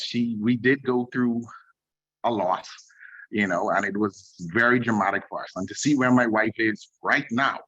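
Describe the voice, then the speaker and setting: A man gives an earnest, proud toast to a group of women at a book launch. His voice is bright and forceful, and the sound is dry and a little dull. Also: mid-range voice, no echo. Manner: earnest, chuckles between phrases. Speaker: husband of an author giving a toast. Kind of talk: heartfelt congratulatory speech.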